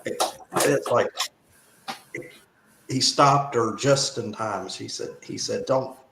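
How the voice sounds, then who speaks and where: A man telling stories in a casual chat, lively and a bit drawn-out. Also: mid-range voice, gravelly. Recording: echoey room with faint noise.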